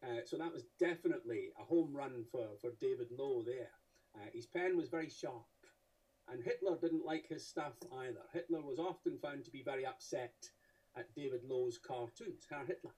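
A man's voice: mid-range voice, moderate pace, dark tone, husky, far from the mic, poor audio. A man giving a humorous illustrated talk to an audience, with wry, theatrical asides. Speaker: speaker presenting cartoons to an audience.

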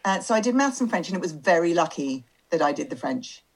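A middle-aged woman from Birmingham, England, a tour guide telling her story in an interview, self-deprecating and quick to laugh, with many ums. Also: fairly low pitch, expressive.

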